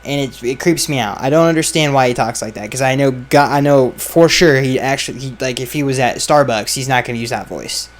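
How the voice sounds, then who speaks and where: A man's voice: mid-range voice, brisk, hardly any pauses. A man hosting a podcast, chatting casually and giving blunt, offhand opinions, his sentences often trailing off, recorded outdoors. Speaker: podcast host answering fan questions. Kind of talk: casual chat. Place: outdoors with flies around.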